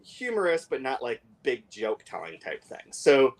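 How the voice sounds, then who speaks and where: A man in casual book-club talk, his pitch sitting right in the middle for a man. He leans on fillers and restarts and speeds up when he reads passages aloud. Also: wildly swooping pitch, a little slow. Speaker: podcast co-host.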